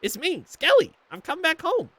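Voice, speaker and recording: A man's voice: very high voice, wildly swooping pitch, normal speed, a bit bright, dry recording, pitched above the performer's own voice, exaggerated voice. A man reading a game's dialogue aloud, voicing a cheerful, goofy clown skeleton in a raised voice.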